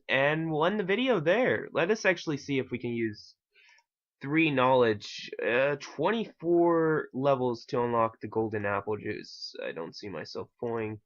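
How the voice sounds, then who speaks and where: A man talks through his game in a loose, rambling way, swearing casually and poking fun at himself. His voice is bright and forward. The recording sounds dull and lo-fi, like a cheap desk mic. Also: mid-range voice, animated, unhurried. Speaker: gaming channel host. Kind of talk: casual gameplay commentary.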